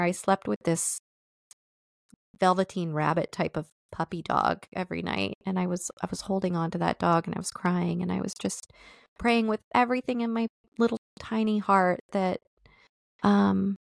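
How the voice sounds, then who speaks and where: A woman hosting a podcast, telling a personal story in a soft, reflective, confessional way with thoughtful pauses. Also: medium pitch, creaky, no echo, clean studio sound. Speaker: podcast host.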